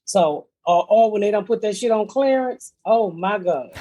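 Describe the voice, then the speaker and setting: A woman's voice: mid-range voice, a little mellow. A middle-aged woman hosting a podcast, telling blunt, profane comedic stories in casual chat.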